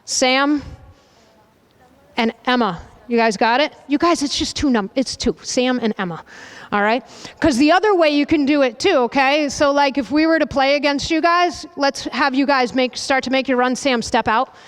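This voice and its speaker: A woman soccer coach leading a goalkeeping demonstration with players, brisk and directive, checking in with a constant "okay?" and loudly calling out commands. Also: sits high. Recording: reverberant hall, voice from a distance.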